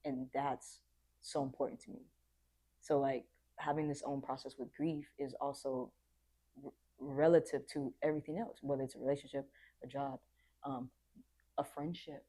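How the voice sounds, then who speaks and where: A woman's voice: very deep voice, steady tone, normal speed, warm tone. A young adult woman talking earnestly and reflectively in a casual podcast conversation, sometimes acting out what people said. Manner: reflective, earnest, acts out quoted voices.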